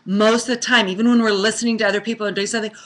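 A middle-aged woman teaching yoga in a casual live stream, chatty and full of restarts, slowing into soft, calm affirmations. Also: fairly high pitch.

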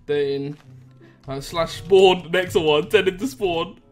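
Young male host, high-pitched, excitable and laughing through his commentary, faint music underneath. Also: takes it slowly. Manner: excitable, laughs a lot, giggly commentary on his own prank. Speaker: Minecraft trolling video host. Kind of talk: casual gameplay commentary.

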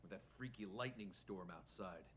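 A man playing a brash, bossy hard-boiled detective in a murder-mystery film, gruff with dark humor. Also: sits low, moderate pace, a little hiss or hum. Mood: commanding.

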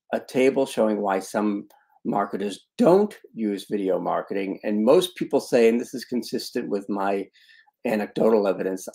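A man's voice: on the low side, darkish tone. Upbeat man presenting a live webinar. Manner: chatty, with asides to attendees. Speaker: online video marketing trainer. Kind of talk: live webinar training, screen-share demo.

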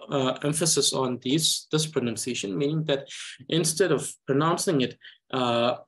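A man with a Tibetan accent teaching a language reading lesson, talking slowly and carefully with frequent hesitations. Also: mid-range voice, slightly rough. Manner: slow, careful, hesitant with many uhs. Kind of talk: slow reading lesson with explanation.

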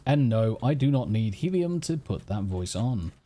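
A man's voice: mid-range voice, big pitch swings, normal speed, dark tone. A man streaming a game, chatting casually, swearing and teasing while thanking viewers. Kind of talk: casual live-stream chat. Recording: faint music behind.

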